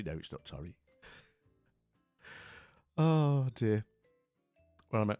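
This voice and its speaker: A man's voice: on the low side, very animated, slow pace, warm tone, no echo, faint music behind. A man from northern England, chatting casually and at a ramble while live streaming a game, with many asides like "you know what I mean".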